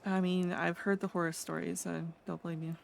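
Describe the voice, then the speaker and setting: A woman streamer roleplaying a chatty artist in a game, friendly and quick to laugh. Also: lowish voice, level tone, vocal fry, a little hiss or hum. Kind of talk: in-character roleplay chat.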